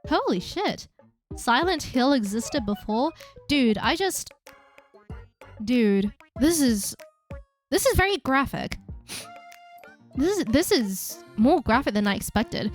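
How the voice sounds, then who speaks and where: Woman streamer, high voice, very animated, excitable and jumpy, reads story text aloud, faint music behind. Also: takes it slowly, pauses often. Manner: excitable, easily startled, frequent exclamations. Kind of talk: live game playthrough, reading story text aloud.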